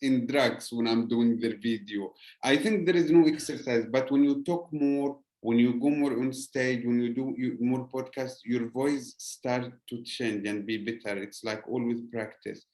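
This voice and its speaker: A man's voice: medium pitch, measured pace, few pauses, a little mellow. A man hosting a podcast, chatting casually and sometimes searching for English words, with loose grammar. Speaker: podcast host. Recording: roomy echo.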